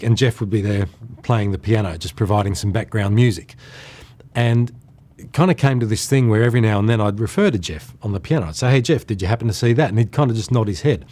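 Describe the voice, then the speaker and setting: A man's voice: on the low side, darkish tone. A middle-aged Australian man casually reminiscing about his years as an entertainer, chatty and rambling, often chuckling as he tells stories. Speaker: entertainer recalling his career.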